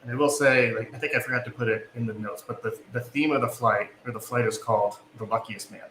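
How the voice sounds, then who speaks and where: A man's voice: mid-range voice, steady tone, fast talker, bright, forceful tone, recorded from a distance, slight background noise. Off-mic male guest in an echoey room. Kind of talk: casual chat.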